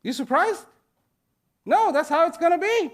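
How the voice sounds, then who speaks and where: A man giving a speech to an audience, slow and deliberate, pausing between short phrases and repeating key words for emphasis. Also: very high voice, lively intonation. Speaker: invited speaker. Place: event at a large international venue.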